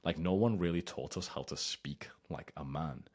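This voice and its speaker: A man's voice: very deep voice, normal speed, a little mellow, husky. A young man giving blunt, casual advice as host, swearing freely and now and then acting out whiny, childish voices.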